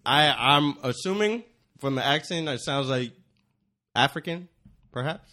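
A man's voice: a little high, animated, measured pace, sharp tone. A man co-hosting a sports podcast, talking casually with stammered restarts. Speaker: podcast co-host.

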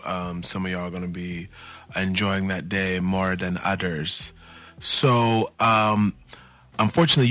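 A man's voice: low-pitched, bright, forceful tone, no echo. A man hosting a casual community talk show, chatty and enthusiastic, drifting into friendly tangents. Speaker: host.

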